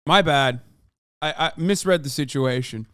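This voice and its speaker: A man's voice: a little high, unhurried, sharp tone, clear, resonant tone, dry recording, clean studio sound. A young man streaming, reacting to clips with sarcastic, profane commentary and bursts of laughter. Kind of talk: casual livestream commentary.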